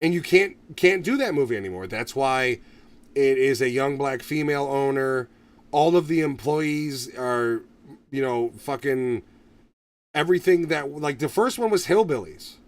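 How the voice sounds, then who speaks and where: A man hosting a casual movie review podcast, talking in a profane, animated way and acting out quotes. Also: mid-range voice, a little slow, recorded from a distance. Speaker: podcast host.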